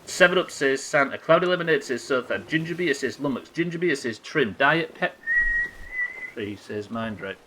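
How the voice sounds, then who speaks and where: A man's voice: medium pitch, animated, moderate pace, sharp tone, a little hiss or hum, low-quality recording. A young man streaming a game live, teasing his chat with sarcastic, sweary banter. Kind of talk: live gameplay commentary and chat reading.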